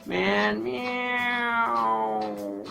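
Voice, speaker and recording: A man's voice: extremely high pitch, huge pitch swings, extremely slow, creaky, exaggerated voice. A man voicing a nervous young bank robber who talks in whiny, panicky slang. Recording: loud music behind.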